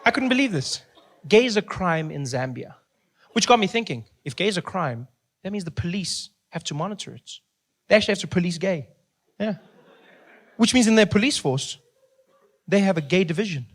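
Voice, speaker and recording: A man's voice: high voice, animated, normal speed, long pauses. South African man doing stand-up. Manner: playful storytelling, often laughing mid-line. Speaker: comedian. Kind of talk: stand-up comedy.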